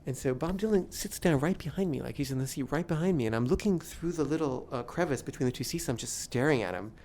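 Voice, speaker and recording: A man's voice: on the high side, quick pace, a little mellow, a little hiss or hum. A man telling a comic first-person anecdote, often nervous, with stammering restarts.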